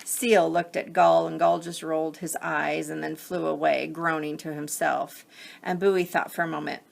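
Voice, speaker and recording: A woman gently and expressively reading a children's picture book aloud. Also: sits low, level tone, moderate pace, vocal fry. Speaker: storyteller.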